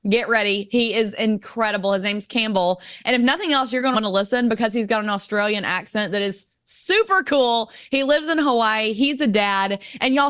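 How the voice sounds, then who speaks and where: A woman's voice: fairly high pitch, fairly bright tone, no echo, studio quality. Bubbly woman podcast host. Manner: bubbly, folksy, uses "y'all". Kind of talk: upbeat podcast hosting.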